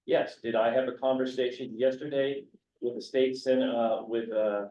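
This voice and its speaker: A man's voice: medium pitch, fairly even intonation, normal speed, warm tone. A man serving as county commissioner at a public meeting, rambling with restarts and reading statute text aloud. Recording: echoey, dull, distant room recording with faint hum.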